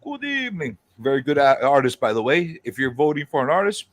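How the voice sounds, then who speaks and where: A man hosting a casual livestream chat, greeting viewers in a quick, excitable, profane way. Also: a little high, a little hiss or hum. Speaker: host.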